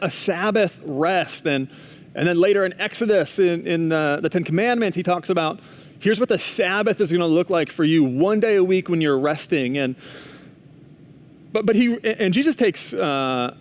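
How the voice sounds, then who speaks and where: Young man, chapel speaker, chatty storytelling, slightly high voice, frequent asides. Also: a little hiss or hum. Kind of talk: casual chapel talk.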